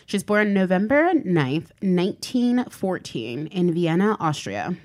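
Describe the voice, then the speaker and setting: A woman's voice: fairly low pitch, sing-song, a little slow. A woman co-hosting a casual podcast chat, telling a life story with dry, teasing asides. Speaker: podcast co-host.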